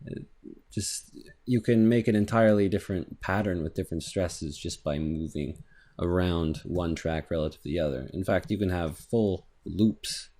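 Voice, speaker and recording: Casual low-voiced man teaching music software. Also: normal speed. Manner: casual, rambling, thinks aloud while clicking, hums rhythms. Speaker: music production instructor. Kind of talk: screen-recorded software tutorial. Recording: faint electronic music underneath.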